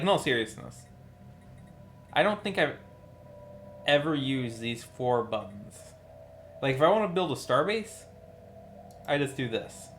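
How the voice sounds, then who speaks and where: A man streaming a strategy game, thinking aloud in a tired, low-key way with wry asides. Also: a bit bright, slight background noise. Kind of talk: casual live-stream commentary.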